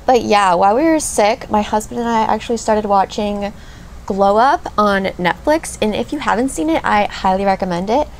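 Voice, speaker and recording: In this get-ready-with-me vlog, a beauty vlogger in her thirties talks casually as she does her makeup, with a medium-pitched voice at a moderate pace and a little hiss or hum in the audio. Her talk wanders, gushing and packed with fillers.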